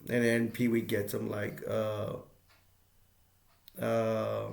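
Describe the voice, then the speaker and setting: A man's voice: on the low side, monotone, takes it slowly, vocal fry, echoey room. A man reviewing a movie in a casual, rambling way, with many fillers and restarts as he retells scenes.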